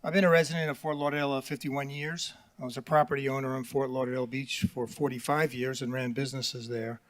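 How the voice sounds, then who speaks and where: An older man giving a brief, friendly and casual public comment as a longtime resident. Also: a little high. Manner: casual, friendly, a few fillers.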